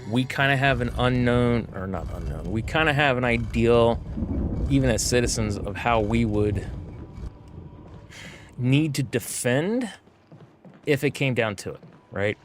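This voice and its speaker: A man's voice: mid-range voice, animated, measured pace, pauses often, slight background noise. A male streamer telling a long story while he plays, full of fillers and "he goes" asides. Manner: rambling, with constant "he goes" and fillers. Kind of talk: casual storytelling while gaming.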